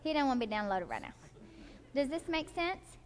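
A woman with a high voice leads a live teaching session for a group, and her speech rings with a long hall reverb. She talks in an animated way, slips into short acted-out voices and keeps checking that her listeners follow along. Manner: animated, acts out quick quoted voices, checks in with listeners often. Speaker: workshop teacher.

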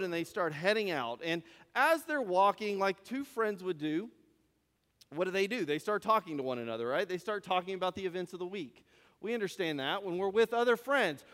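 Male preacher, high voice, narrative sermon with repeated phrases; long church reverb. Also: a bit bright. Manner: storytelling, rhetorical questions, repeats phrases.

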